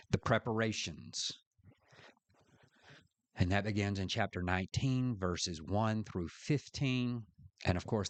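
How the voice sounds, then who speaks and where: Male Bible teacher, lowish voice, reads verses with weight. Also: no room sound. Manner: slow, deliberate, reads scripture aloud with emphasis. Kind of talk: scripture study lesson.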